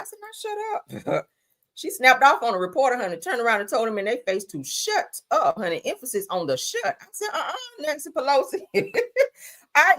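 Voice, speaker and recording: A woman hosting a livestream, giving sassy, animated commentary on news and gossip, swearing freely and calling listeners honey. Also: a little high. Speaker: livestream host.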